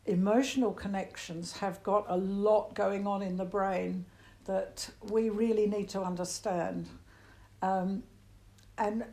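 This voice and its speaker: An older Australian woman talks through her years of singing and teaching. She speaks with lively energy and now and then jumps her pitch high to show a sound. Her pitch sits mid-range for a woman. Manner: animated, demonstrates voices with big pitch jumps. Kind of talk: interview answers.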